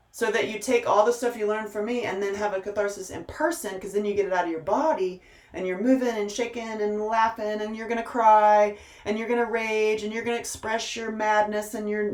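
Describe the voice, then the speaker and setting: A woman with a mid-range voice, recorded from a distance in a reverberant space, delivers a fiery, profane pep talk directly to her audience. As a motivational speaker and host, she sounds preachy and emphatic, repeating words to drive her points home.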